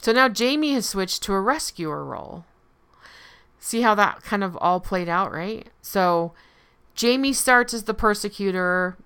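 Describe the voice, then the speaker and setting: A woman teaches in a relaxed, conversational way, often pausing on "um" and checking in with "right?". Her voice is bright, with a smooth, clear tone. The delivery stays informal throughout. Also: mid-range voice. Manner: conversational explaining, frequent "right?" and "um". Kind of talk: casual spoken lesson.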